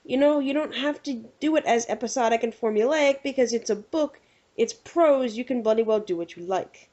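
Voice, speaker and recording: A woman co-hosting a casual podcast, ranting with animated exasperation. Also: a little high, brisk. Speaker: podcast co-host. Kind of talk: casual chat. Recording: dull lo-fi recording.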